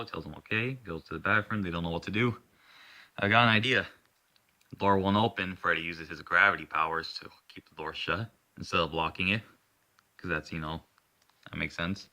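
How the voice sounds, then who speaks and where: Low-pitched man with a very bright, forceful tone, rambling loosely through an improvised story. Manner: rambling, swears, restarts and self-corrections. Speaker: storyteller narrating his own hero story. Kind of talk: casual improvised narration.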